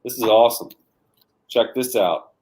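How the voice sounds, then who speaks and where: A man co-hosting a live comic shop sales show, calmly listing deals and calling his viewers "folks". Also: medium pitch, normal speed, slight background noise, low-quality recording. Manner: easygoing, lists deals and repeats "folks".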